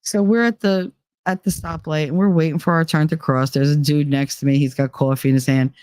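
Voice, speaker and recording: A woman's voice: sits low, steady tone, a little fast, darkish tone, no echo. A woman hosting a podcast, telling personal stories in a candid, profane, laughing way. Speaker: podcast host. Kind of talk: casual personal storytelling.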